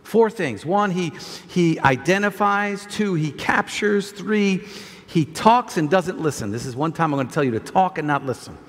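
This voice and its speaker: A man preaching a sermon as a pastor, stumbling over repeated words, shouting at times and reading scripture quietly at others. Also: high voice, expressive, moderate pace, long reverb tail.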